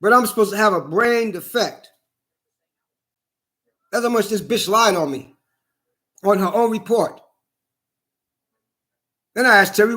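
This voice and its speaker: A man's voice: high voice, measured pace, pauses often, pushed and bright. A man delivering a heated, indignant vlog monologue, repeating himself and swearing often. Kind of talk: angry personal vlog monologue.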